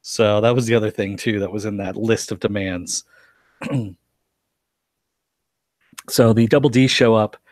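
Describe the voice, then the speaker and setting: Man, lowish voice, casual live show reviewer, chatty and laughing, dry close sound. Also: no echo. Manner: chatty, laughs often while retelling scenes.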